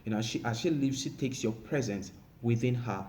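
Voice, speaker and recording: A man's voice: medium pitch, a little fast, a little mellow, slight background noise. A man giving relationship advice in a casual monologue, repeating himself and saying "you know" constantly. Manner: repetitive, frequent "you know" fillers.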